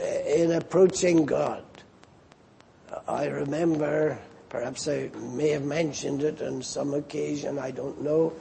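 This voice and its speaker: An older man preaching a sermon, slow and deliberate, stressing quoted lines. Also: on the high side, gravelly, dark tone, a little hiss or hum.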